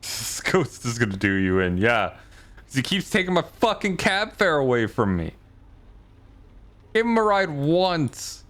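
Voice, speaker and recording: A man's voice: on the high side, sing-song, measured pace, fairly bright tone. A man casually commenting while playing a game, joking and swearing, laughing often.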